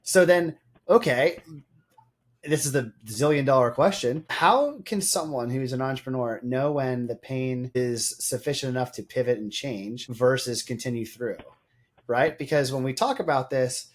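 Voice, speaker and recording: A man's voice: medium pitch, normal speed. A man who hosts a business podcast, speaking in a reflective, conversational way and often checking in with "right?". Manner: reflective, often adds tag questions. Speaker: podcast host. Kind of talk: casual interview conversation.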